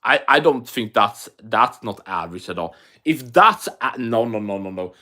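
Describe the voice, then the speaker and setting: A man's voice: fairly low pitch, lively intonation, moderate pace, bright, forceful tone. A Swedish man with a Swedish English accent, chatting casually and profanely on an MMA livestream while reading chat aloud. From Sweden.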